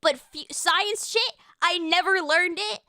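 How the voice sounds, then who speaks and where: A young woman streamer talking to her chat, loud and passionate, quick to get worked up. Her voice sits very high and bright, with a dry, close sound. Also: no room sound. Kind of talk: casual live-stream chat.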